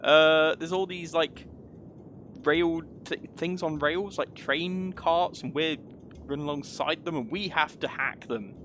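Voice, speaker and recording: A man's voice: a little high, measured pace, fairly bright tone, slight background noise. A man giving casual, rambling commentary as he plays through a game and reads its text aloud. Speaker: let's play gamer.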